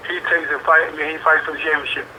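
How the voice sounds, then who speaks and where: Bright-voiced man in his forties. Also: fairly high pitch, very fast, a little hiss or hum, poor audio. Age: 40s. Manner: animated, repeats phrases, many fillers. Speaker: boxer guest. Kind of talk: interview talk.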